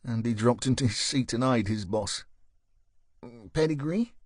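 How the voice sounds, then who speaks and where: Steady and even, a man's storytelling carries a scripted audiobook narration at a moderate pace. The pitch is medium, the studio sound clean, with no room sound.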